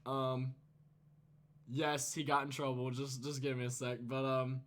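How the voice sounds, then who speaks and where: A man's voice: mid-range voice, flat delivery, unhurried. A teenage man telling a storytime vlog, casual and profane, rambling and laughing. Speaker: YouTuber.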